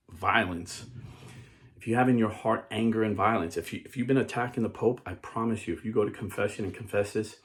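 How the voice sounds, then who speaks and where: A man preaching an earnest sermon and telling a parable, often restarting and repeating words. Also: on the low side. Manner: tells a parable. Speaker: Catholic preacher.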